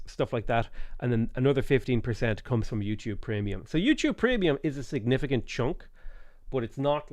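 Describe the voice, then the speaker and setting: A man in his late twenties with a mid-range voice and a Dublin Irish accent chats casually on a gaming live stream from Ireland. He rambles, reads chat aloud, and mulls over game options, recorded in clean studio sound with no echo.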